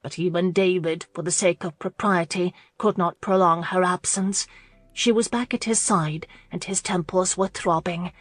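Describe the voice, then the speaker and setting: A woman narrating a historical romance audiobook in a measured, even storytelling manner. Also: on the low side, no echo.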